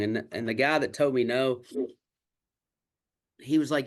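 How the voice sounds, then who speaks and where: A man's voice: medium pitch, moderate pace. Salty man telling stories. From Kentucky. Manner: candid, salty storyteller who acts out quoted exchanges. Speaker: country singer and songwriter guest. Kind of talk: casual storytelling interview.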